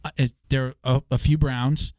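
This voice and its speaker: A man's voice: mid-range voice, little pitch movement, moderate pace, darkish tone, dry recording. A middle-aged man hosting a podcast, joking and wandering off on tangents. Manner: rambling, jokey, goes off on tangents. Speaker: podcast host. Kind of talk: casual podcast chat.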